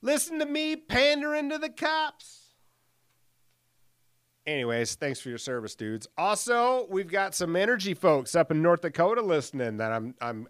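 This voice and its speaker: A man's voice: medium pitch, no echo, clean studio sound. Chatty, foul-mouthed man in his late thirties. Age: late 30s. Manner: chatty, profane, self-mocking, lots of fillers. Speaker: podcast host. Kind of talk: casual solo podcast rambling. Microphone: studio microphone.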